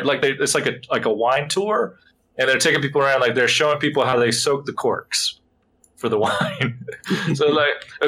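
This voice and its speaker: Male, 30s, bright tone, rambling laid-back podcast co-host. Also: medium pitch, normal speed. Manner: rambling and laughing often, with many fillers. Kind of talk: casual chat.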